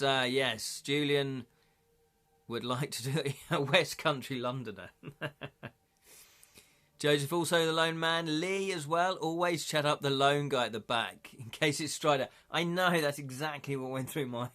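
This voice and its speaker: A man's voice: on the high side, a little slow, a bit bright. A British man hosting a live interactive gamebook stream, narrating and calling for chat votes in a playful, jokey way. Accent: British English.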